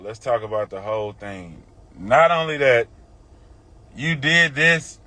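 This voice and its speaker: A man's voice: on the high side, bright, forceful tone. A middle-aged man with a Houston accent ranting bluntly and profanely on a phone livestream. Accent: Southern US, Houston. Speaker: livestream host. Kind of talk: casual livestream rant. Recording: faint background noise.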